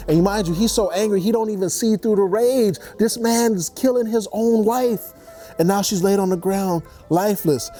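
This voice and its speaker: Young man, comedic recap rant, high-pitched, mellow tone, faint music behind. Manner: slangy, animated, acts out characters in quick put-on voices. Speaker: comedy vlogger.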